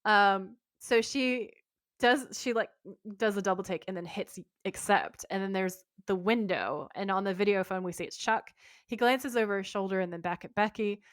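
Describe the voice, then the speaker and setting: Speaking at normal speed with a medium-pitched voice, this podcast co-host is captured in clean, roomless studio sound. She works through a TV episode recap aloud, mimicking the dialogue and breaking into frequent laughter.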